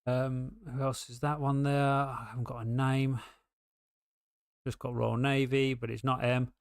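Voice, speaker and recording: A man's voice: mid-range voice, little pitch movement, a little slow, smooth, no echo, clean studio sound. A British man giving casual live race commentary, rambling and full of ums and restarts.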